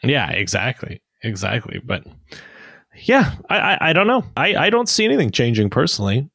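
A man's voice: mid-range voice, very animated, moderate pace, gravelly, sharp tone, slightly rough, dry recording. A man co-hosting a casual chat, easygoing and agreeable, laughing often. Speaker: podcast co-host.

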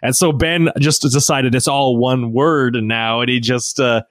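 A man in his thirties chatting casually as a podcast co-host, telling lively stories and putting on childlike quotes. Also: medium pitch, a little slow, dry recording, studio quality. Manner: animated storytelling with childlike voiced quotes. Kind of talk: casual chat.

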